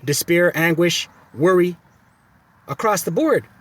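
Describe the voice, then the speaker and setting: On a dry recording, a religious camp teacher delivers scripture lessons like a sermon, emphatic and repetitive, punctuated by "right?" between phrases. His high voice is fairly bright with lively intonation and a measured pace.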